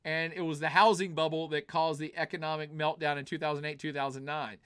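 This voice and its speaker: Animated man ranting on a live stream. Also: fairly high pitch, fairly quick, clear, resonant tone. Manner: animated, ranting, chatty, laughs often. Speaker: live stream host answering chat. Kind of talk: casual political commentary.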